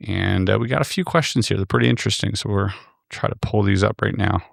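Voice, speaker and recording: Low gravelly male podcast host. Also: fast, background noise. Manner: easygoing, reads out audience questions. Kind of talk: casual interview.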